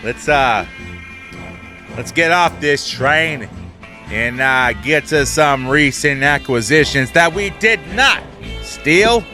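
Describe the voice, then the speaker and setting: A man's voice: a little high, expressive, slow, sharp tone, soft background music. A man hosting a podcast in a casual, crude and joking way. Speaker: podcast host. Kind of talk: casual chat.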